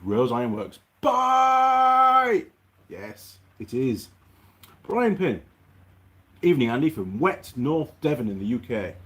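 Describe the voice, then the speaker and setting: A man's voice: medium pitch, lively intonation, moderate pace, darkish tone. A man hosting a casual livestream from his workshop. He chats, reads out viewer comments and grumbles. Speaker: host.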